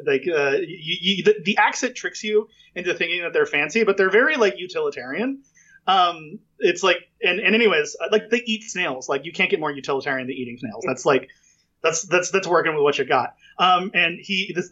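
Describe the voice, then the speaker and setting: A man with a somewhat high voice hosts a casual podcast chat. He rambles through jokey stories with plenty of fillers, and his audio is dull and lo-fi. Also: sharp tone. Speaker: interviewer.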